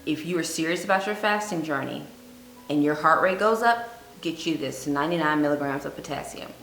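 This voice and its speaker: A woman giving earnest fasting advice on her vlog, telling a personal story and repeating points for emphasis. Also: sits low, fairly bright tone. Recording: echoey room with faint music.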